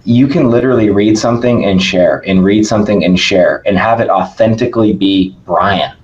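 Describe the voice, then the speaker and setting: An emphatic man speaks in a low voice as a podcast guest. He keeps it casual and energetic and often checks in with "right?". The audio is dull and lo-fi, like a remote call. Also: moderate pace, slight background noise. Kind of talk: casual interview conversation.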